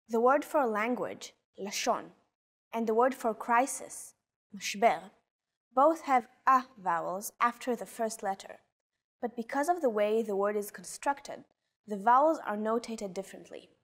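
A woman co-hosting a language lesson, pronouncing sounds and words slowly and carefully for learners. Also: a little high, lively intonation. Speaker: native speaker co-host modeling pronunciation. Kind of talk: slow, careful pronunciation demonstration.

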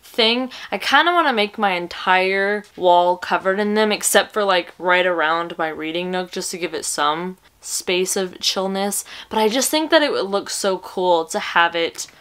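A woman's voice: lowish voice, unhurried, few pauses, a bit bright, clean tone. A woman book vlogger in casual chat, rambling and chatty as she shows off books. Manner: chatty, rambling, talks to her pet.

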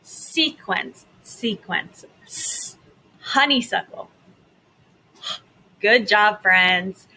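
A woman's voice: a little high, a little hiss or hum. A woman teacher leading a phonics lesson for young children, carefully sounding out each word and praising her class. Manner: slow, deliberate enunciation of sounds and words; bright, encouraging classroom tone.

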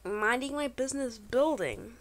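A woman giving excitable, slangy commentary over her own gameplay, bursting into exclamations. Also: a little high, normal speed. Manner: playful trolling banter, slangy. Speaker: gaming channel host.

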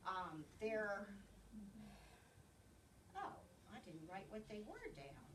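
A woman's voice: mid-range voice, big pitch swings, slow. A woman with a Southern American accent giving a chatty, digressive talk at a library, often losing her place and getting it back. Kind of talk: informal slide presentation. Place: library meeting room. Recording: distant room recording, faint hiss.

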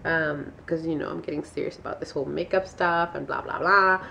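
A woman's voice: sits low, fairly even intonation, fairly quick, creaky, bright, forceful tone, a little hiss or hum. A woman vlogging at home in a casual, bubbly way, laughing often as she talks to the camera. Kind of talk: casual vlog chat. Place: at home, indoors.

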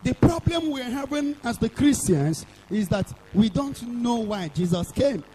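Nigerian male evangelist, high lively voice, fiery call-and-response sermon. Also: measured pace, a little hiss or hum, low-quality recording. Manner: shouting, sing-song call-and-response preaching. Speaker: evangelist preacher.

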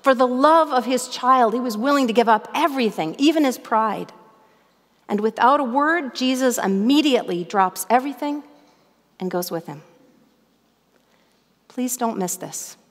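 A middle-aged woman from northern Minnesota preaching a sermon as pastor, telling stories in an earnest, animated way. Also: fairly high pitch, unhurried, pauses often, in a large hall. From northern Minnesota, USA.

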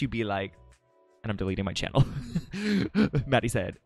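A young man in his early twenties from California, streaming live at night and chatting with viewers, giggling, swearing a lot and jumping into high squeals. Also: sing-song, fairly quick, a little mellow, faint music behind. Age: early 20s. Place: home at night.

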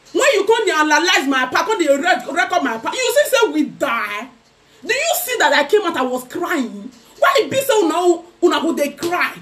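A young Nigerian gossip vlogger with a very high, slightly bright voice rants through her commentary. She taunts her targets in a sing-song way and keeps breaking into mocking laughter.

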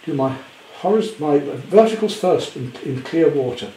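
A man demonstrating a painting at home, chatty with gentle self-deprecating humour. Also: fairly high pitch, expressive, measured pace, roomy sound, slight background noise, poor audio. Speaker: art teacher. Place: indoor studio at home.

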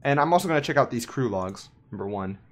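A man giving casual, self-mocking let's play commentary while building in a game, animated and giggly. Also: mid-range voice, quick pace. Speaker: gameplay host.

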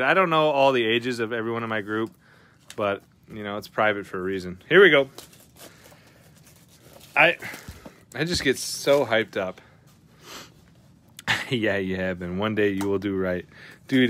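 A man with a medium-pitched voice hosts a live card-opening stream, chatting casually with viewers. He gets excitable and swears often as he reacts to every pull.

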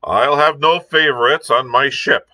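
A man's voice: fairly low pitch, normal speed, a bit bright, no echo, natural voice. A man reading aloud and voicing a stern male ship captain who gives clipped, commanding orders.

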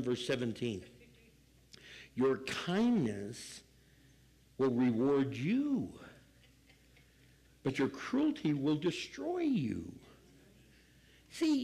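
Older pastor with a gravelly, lively voice. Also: male voice, a little high, poor audio. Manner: animated, acts out people in quick asides. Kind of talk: sermon.

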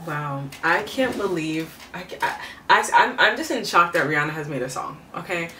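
A young woman hosting a casual music reaction vlog, expressive and emotional, talking straight to her viewers. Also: fairly low pitch, normal speed, a little hiss or hum. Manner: expressive, emotional, laughs often. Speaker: reaction video host. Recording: echoey room, mic at a distance.

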